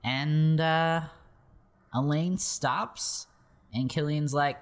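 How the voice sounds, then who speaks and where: A man's voice: mid-range voice, expressive, measured pace. A man running a tabletop game as game master, narrating loosely with fillers and chuckles.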